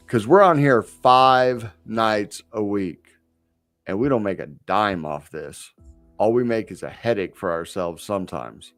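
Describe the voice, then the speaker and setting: A man's voice: lowish voice, dry recording. A tired, yawning man co-hosting a casual crypto livestream, laid-back and full of fillers. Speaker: crypto show co-host.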